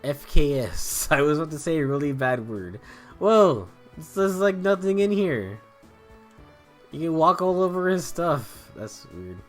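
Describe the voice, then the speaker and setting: Lively, rambling man at play. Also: on the high side, a little slow, soft background music. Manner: rambling, joking, laughs often, swears. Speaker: let's play host. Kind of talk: casual gaming commentary.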